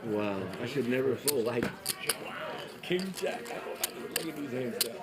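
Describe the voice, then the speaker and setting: A man playing poker who tells drawn-out jokes with restarts. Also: medium pitch, lively intonation, a crowd in the background. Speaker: poker player. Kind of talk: telling jokes at the table.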